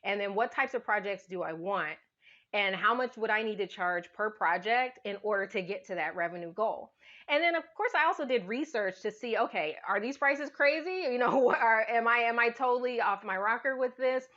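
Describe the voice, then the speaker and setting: A woman's voice: a little high, expressive, normal speed, fairly bright tone. A woman being interviewed on a podcast, explaining her approach step by step with frequent fillers. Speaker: podcast guest. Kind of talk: casual interview chat. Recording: dull, muffled sound.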